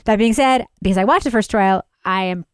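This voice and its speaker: A woman, a journalist and podcast co-host, chatting in an animated, sarcastic way and often mimicking people. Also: medium pitch, brisk, smooth, no echo, studio quality. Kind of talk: casual chat.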